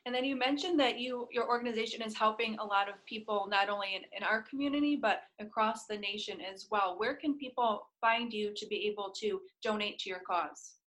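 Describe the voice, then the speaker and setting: A woman asking interview questions in a gentle, measured way. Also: mid-range voice.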